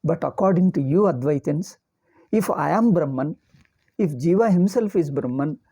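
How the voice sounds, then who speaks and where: A woman teaching Vedanta in a scripture commentary lecture, speaking. Her voice sits fairly low and sounds warm and mellow. She explains step by step, circles back over her phrases and often asks "okay?". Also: expressive, normal speed, husky.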